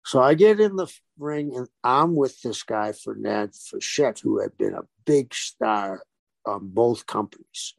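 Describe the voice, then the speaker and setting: An unhurried, creaky, medium-pitched voice belongs to this ex-wrestler, heard without echo. Telling stories in a relaxed interview, he brings the quoted dialogue to life.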